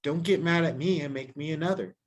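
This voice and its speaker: A man hosting a podcast in casual chat, ranting with heavy swearing and animated emphasis. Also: on the high side, a little fast. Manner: heavily profane, ranting and animated. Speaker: podcast host.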